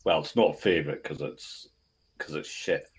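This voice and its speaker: A man's voice: extremely low pitch, moderate pace, slightly rough. A man co-hosting a podcast who rambles in casual chat, restarting sentences and trailing off. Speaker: podcast co-host.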